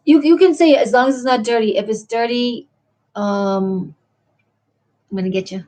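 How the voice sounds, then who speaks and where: A woman's voice: fairly high pitch, moderate pace. Chatty woman rambling on a late stream. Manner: meandering, talks to chat viewers, soft and chatty. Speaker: livestream host. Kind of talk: rambling late-night livestream chat.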